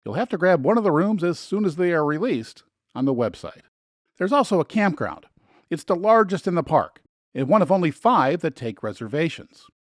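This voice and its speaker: A man's voice: on the high side, sing-song, normal speed, no echo. A man hosting a travel guide, giving scripted narration with dry, sarcastic asides.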